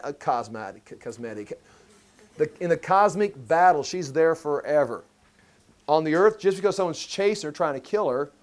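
A man's voice: fairly high pitch, a little mellow. A man teaching a Bible study sermon, emphatic, repeating key phrases and often restarting mid-sentence.

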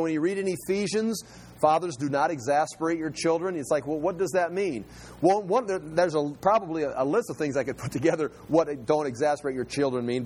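A man's voice: on the high side, darkish tone, slightly rough. A middle-aged man giving a sermon in a conversational way, restarting and repeating words as he explains. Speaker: Bible teacher.

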